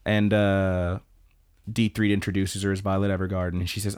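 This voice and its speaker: A man hosting a podcast, casually retelling scenes and breaking into excited asides. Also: sits low, normal speed, clear, resonant tone. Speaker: podcast host. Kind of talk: casual episode recap.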